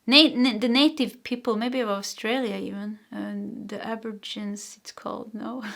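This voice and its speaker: A Swedish-born woman giving a pick-a-card tarot reading, encouraging and rambling, with many restarts and soft laughs. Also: on the high side, steady tone, normal speed, creaky. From Sweden. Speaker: tarot reader.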